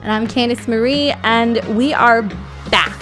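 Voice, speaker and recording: A woman's voice: fairly high pitch, steady tone, measured pace, music in the background. A woman co-hosting a podcast in casual chat, chatty and laughing, loose with her fillers. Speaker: podcast co-host.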